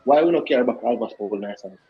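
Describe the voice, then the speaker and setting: A man's voice: mid-range voice, animated, quick pace, breathy edge, dull audio, faint music behind. A man with a Jamaican accent arguing football in a heated casual debate, firing questions back at his co-host.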